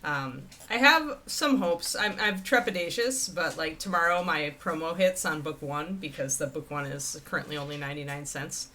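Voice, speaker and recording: A woman's voice: low-pitched, moderate pace, hardly any pauses, bright, forceful tone, a little hiss or hum. A woman hosting a livestream, chatting casually and rambling to her viewers. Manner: chatty, rambling, talks to the chat and her dog. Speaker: host of a miniature painting livestream.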